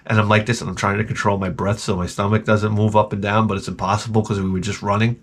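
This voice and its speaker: A middle-aged man hosting his channel, telling a comic story in a profane, animated rant full of restarts. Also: lowish voice, fast talker, few pauses. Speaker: host.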